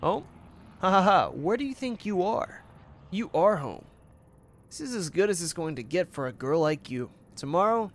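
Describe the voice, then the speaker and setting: A man's voice: on the high side, natural voice. A man voicing a cruel, controlling talent manager, bullying and scolding while reading game dialogue aloud. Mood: cold.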